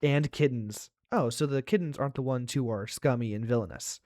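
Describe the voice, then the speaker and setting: A man's voice: mid-range voice, darkish tone, dry recording, clean studio sound. Playful man narrating a game. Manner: playful, chatty, quick reactions and gasps. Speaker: let's play host. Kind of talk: playing a game aloud.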